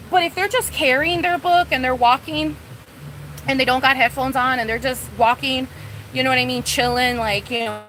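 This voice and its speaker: A woman's voice: a little high, pushed and bright, slight background noise, low-quality recording. A young woman streaming live, ranting casually and profanely with lots of "like" and "you know what I mean.". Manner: profane, rambling, lots of fillers.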